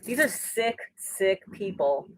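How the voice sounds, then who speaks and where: An older woman chats animatedly on a laptop livestream, reading out viewer comments. Her voice sits at a middling pitch, and the sound is dry and close with little room echo. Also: slow pace. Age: 60s. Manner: animated, repeats words, laughs often. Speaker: livestream host. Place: rural home indoors. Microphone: laptop mic.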